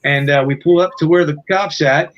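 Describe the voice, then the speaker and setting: A man's voice: on the high side, fairly even intonation, normal speed, highs cut off. Profane, rambling man telling a road story. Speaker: guest musician. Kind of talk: casual anecdote in an interview.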